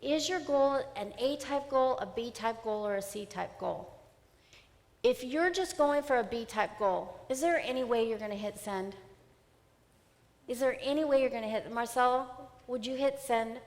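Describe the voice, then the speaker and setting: A middle-aged woman giving an emphatic, animated motivational seminar talk. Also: a little high, unhurried. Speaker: seminar speaker. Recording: long hall reverb.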